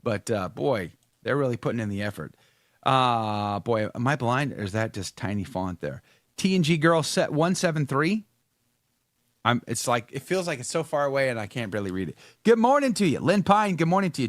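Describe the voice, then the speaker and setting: A man's voice: mid-range voice, fairly bright tone, no room sound, clean studio sound. A male host chatting casually on a livestream, greeting viewers with chatty, wry sarcasm.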